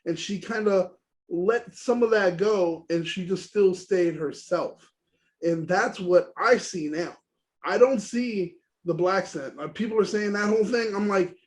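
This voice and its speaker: A man's voice: high-pitched, unhurried. A man from Haiti, co-hosting a casual podcast, talking bluntly and animatedly and swearing freely. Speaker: podcast co-host.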